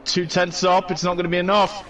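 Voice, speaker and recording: A male co-commentator on an online racing broadcast who drops in short, clipped calls of times and invalidated laps. His voice is a touch high for a man, and he speaks plainly and to the point. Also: little pitch movement, fairly quick, a loud crowd. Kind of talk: esports race commentary.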